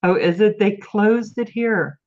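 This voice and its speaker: A woman's voice: mid-range voice, unhurried, a little mellow, highs cut off. An older woman, a grandmother, hosting a casual chat and giggling often. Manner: chatty, giggly. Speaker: host. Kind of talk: casual chat on a video call.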